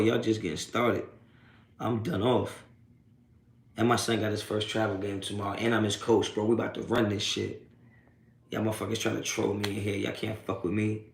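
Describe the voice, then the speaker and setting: This man's voice is on the low side and gravelly, with a reverberant sound. Hosting a live sports reaction stream after a game, he reads the chat and laughs off trolls, taunting them with profane, streetwise trash talk.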